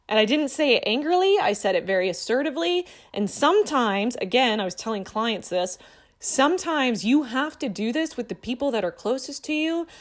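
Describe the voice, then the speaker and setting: A woman in her thirties, a coach, telling a personal story to her viewers in an earnest, assertive way. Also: on the high side. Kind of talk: casual motivational talk to camera.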